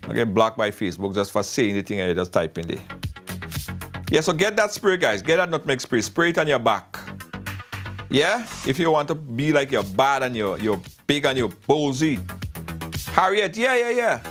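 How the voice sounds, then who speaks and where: A middle-aged man hosting a live show, pitching products and telling stories in an excitable, repetitive way. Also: moderate pace. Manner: storytelling, excitable, repeats himself. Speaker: live show host doing product ads. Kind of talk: animated live-stream ad chat. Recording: faint music behind.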